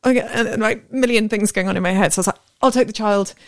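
A woman in her thirties co-hosting a podcast, telling stories in a lively, animated way and acting out voices. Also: mid-range voice, quick pace, no room sound, clean studio sound. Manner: animated storyteller, acts out voices. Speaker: podcast co-host. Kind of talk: casual chat.

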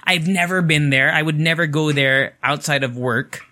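Young guy, bright voice, rambling story, swears a lot. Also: a little high, normal speed. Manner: profane, rambling, full of fillers. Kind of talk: casual storytelling.

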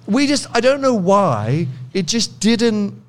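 A man's voice: high voice, very animated, slow pace. A British man hosting a podcast, chatting with car owners, teasing and laughing often. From United Kingdom. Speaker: podcast host. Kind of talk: casual interview at a car meet.

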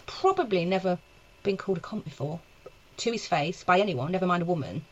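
A woman's voice: lowish voice, a little fast, muffled recording. A woman, a stand-up comedian, telling a story animatedly on a podcast from her back bedroom, with lots of swearing. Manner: animated, acts out quotes, swears freely. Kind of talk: casual storytelling chat.

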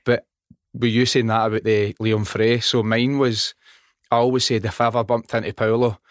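A middle-aged Scottish man chatting on a podcast, telling an animated, sweary story and acting out the dialogue. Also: on the low side, moderate pace, no echo, studio quality. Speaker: podcast guest. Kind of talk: casual chat. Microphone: studio microphone.

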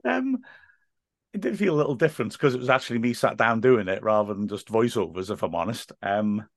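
A man's voice: fairly low pitch, lively intonation, a little fast, no room sound, studio quality. A man, a football commentator chatting as a podcast guest and telling stories with many restarts. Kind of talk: casual podcast chat.

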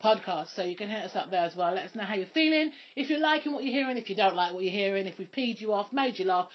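A woman's voice: medium pitch, lively intonation, fast. A woman co-hosting a podcast, chatting casually with slang and laughing often. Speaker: podcast co-host. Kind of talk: casual chat. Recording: dull lo-fi podcast recording.

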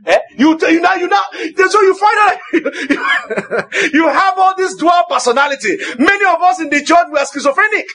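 A man preaching a sermon as pastor, emphatic and repetitive, now and then shouting. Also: extremely high pitch, lively intonation, normal speed.

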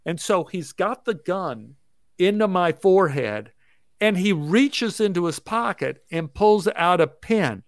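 A man, an actor, telling a story in a rapid, breathless way and acting out what people said. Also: high-pitched, expressive, dry recording, clean studio sound. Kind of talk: animated anecdote telling.

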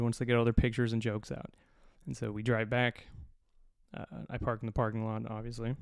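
A man hosting a podcast, telling a long personal story in a profane, animated, self-mocking way. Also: medium pitch, fast talker, gravelly, clean tone, dry recording, studio quality. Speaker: podcast host. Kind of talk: casual storytelling.

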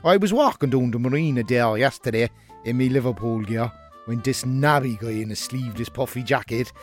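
A man's voice: mid-range voice, a little fast, soft background music, close to an everyday voice. A man with a Cork accent playing a brash young northside letter-writer, telling his story broadly and cheekily. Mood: cheeky. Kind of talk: comic radio letter reading.

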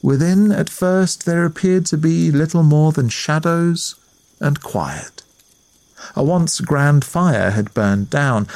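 A man reading a ghost story aloud in a measured, atmospheric way as the storyteller. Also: a little high, creaky, darkish tone. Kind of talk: scripted narration of a ghost story.

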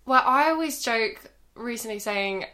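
A giggly woman co-hosting a relaxed podcast chat, teasing her friend. Her voice is bright and a little higher than most women's. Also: measured pace. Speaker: podcast co-host. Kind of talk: casual chat.

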